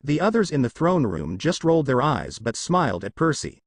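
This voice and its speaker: Male narrator reading fan fiction aloud, lively pitch, plain delivery, dry close-mic sound. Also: moderate pace, no room sound.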